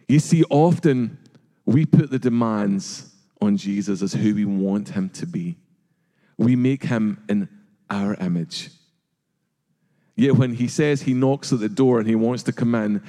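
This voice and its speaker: A man's voice: fairly low pitch, measured pace, warm tone. A middle-aged man preaching a sermon as a pastor, earnest and questioning, sometimes acting out voices. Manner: earnest, rhetorical questions, acts out quoted voices. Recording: long reverb of a large hall.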